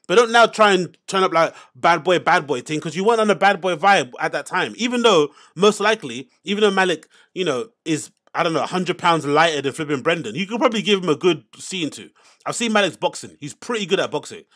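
A man's voice: a little high, animated, a little fast, a bit bright. A man hosting a casual commentary, reacting to podcast clips in an exasperated, sarcastic rant.

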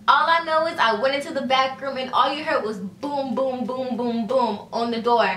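Bright chatty young woman, roomy sound. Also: sits high, moderate pace, far from the mic, slight background noise. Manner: chatty, fillers of "like" and "you know", acts out quoted dialogue. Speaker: vlogger. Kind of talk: casual storytime. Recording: echoey room, voice set back from mic.

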